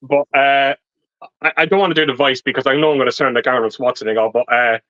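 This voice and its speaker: Regular panelist, man, sharp bright voice, sweary self-deprecating banter, dry and dull lo-fi audio. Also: medium pitch, steady tone, fast, no room sound. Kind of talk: casual livestream chat.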